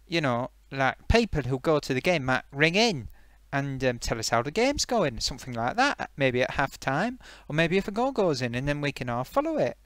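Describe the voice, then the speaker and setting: A man playing a boastful sock-puppet host who rambles and hedges, his voice leaping around in pitch. Close, dry sound. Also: fairly bright tone, dry recording. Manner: rambling, hesitant, lots of fillers. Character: gloating male sock puppet host, eager and defensive. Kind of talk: comedic puppet live stream.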